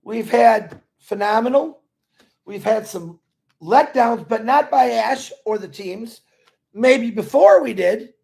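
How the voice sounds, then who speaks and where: A man gives a rambling, earnest pep talk and keeps coming back to the same points. His voice sits high for a man and has a gravelly edge. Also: takes it slowly, a little mellow. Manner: earnest, rambling, repeats himself. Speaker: company supporter talking to members. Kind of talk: casual motivational talk.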